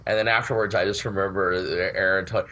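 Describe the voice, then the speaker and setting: Deep-voiced, sharp-toned male host. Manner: halting, relaxed questioning. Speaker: podcast host. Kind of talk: casual interview chat.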